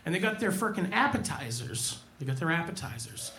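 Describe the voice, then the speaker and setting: A man doing a stand-up set, telling crude, deadpan stories about working in restaurants and swearing freely. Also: on the high side, brisk, echoey room, slight background noise. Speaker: stand-up comedian. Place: comedy club stage.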